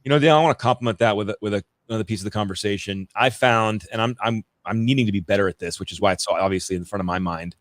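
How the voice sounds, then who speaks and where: A man's voice: on the low side, racing, few pauses, no echo, studio quality. A man hosting a podcast who asks reflective questions and often restarts his sentences. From California. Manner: reflective, searching, with frequent restarts. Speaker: podcast host. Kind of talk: casual podcast interview.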